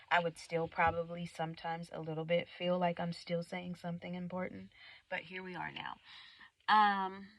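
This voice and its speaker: Bright-voiced woman ranting profanely. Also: lowish voice, rough recording. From United States. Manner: profane, rambling, animated. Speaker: vlogger. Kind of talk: casual ranting monologue.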